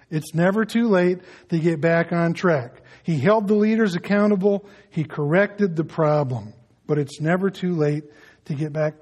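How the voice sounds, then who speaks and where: A man preaching a sermon as a pastor, swinging between loud emphasis and soft, hushed appeals, with folksy asides and light humor. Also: high-pitched.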